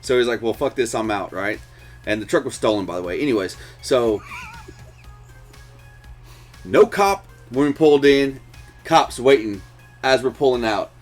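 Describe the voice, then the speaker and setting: A man in casual chat tells a rowdy story, swearing freely and acting out sound effects. His pitch is middling for a man. Faint music plays under the talk. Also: a little slow, long pauses. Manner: profane storyteller, animated, mimics sounds. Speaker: co-host.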